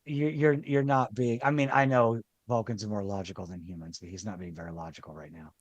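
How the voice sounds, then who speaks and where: A man's voice: lowish voice, fairly even intonation, fairly quick, dry recording, lo-fi sound. A man co-hosting a casual livestream, joking around and laughing often as he reacts.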